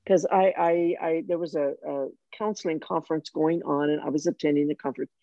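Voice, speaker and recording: An older woman with a low, gravelly and mellow voice recounts her own story, animated and ready to laugh at herself. The sound is dull and lo-fi, in a dry room. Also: a little fast, no room sound. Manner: animated, self-mocking, with frequent restarts. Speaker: guest sharing her testimony. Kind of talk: personal storytelling in a conversation.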